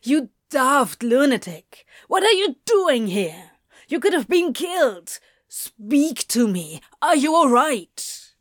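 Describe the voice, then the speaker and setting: A frantic male demon, as a woman reader puts him on, loud and alarmed. He scolds in a raised, pitched-up voice. The sound is dry and close. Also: sing-song, slow, no room sound, exaggerated voice. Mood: frantic scolding.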